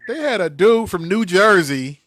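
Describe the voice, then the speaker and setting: Animated laughing man chatting about movies. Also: sits high, moderate pace, no room sound, studio quality. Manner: laughing, animated, trails off quietly. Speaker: co-host. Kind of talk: casual chat about movies.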